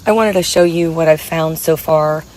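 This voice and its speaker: A woman's voice: low-pitched, normal speed. A woman vlogging casually from a hotel room, chatting with enthusiasm about her vintage finds. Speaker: home decor vlogger. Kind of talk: casual vlog chat. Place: hotel room, sitting in bed. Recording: faint background noise.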